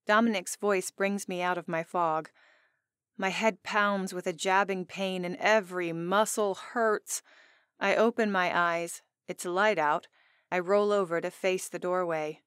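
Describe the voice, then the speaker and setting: A woman's voice: lowish voice, steady tone, measured pace, fairly bright tone, clear, resonant tone, dry recording. A woman narrating a first-person romance audiobook in an intimate, earnest storytelling manner, on a close studio mic.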